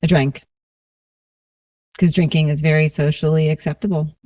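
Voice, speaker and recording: A woman in her forties from New Orleans, a resilience coach telling her personal story as a podcast guest in a slow, reflective, earnest way. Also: low voice, little pitch movement, darkish tone, no room sound. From New Orleans, USA.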